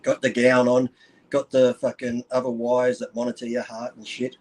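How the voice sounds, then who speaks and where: A man's voice: medium pitch, monotone, normal speed, darkish tone, low-quality recording. Crude, laughing male podcast guest. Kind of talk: casual chat.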